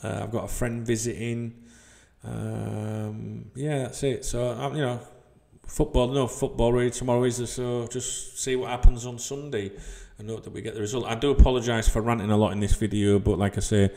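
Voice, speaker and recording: Speaking at a moderate pace with a medium-pitched, level, creaky and mellow voice, a man in his 40s rants to camera for his football channel. He's in a small white-walled room, rambling heatedly, swearing, and often asking "you know what I mean".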